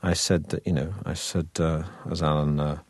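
A comic actor in an interview, telling anecdotes with lots of restarts and chuckles. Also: male voice, extremely low pitch, level tone, normal speed, no echo. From Britain. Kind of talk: casual interview chat.

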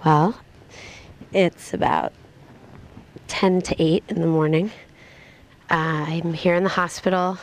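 A young woman recording a reflective audio diary in a hospital room, speaking quietly and matter-of-factly. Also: on the low side, fairly even intonation, takes it slowly, long pauses. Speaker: patient keeping an audio diary.

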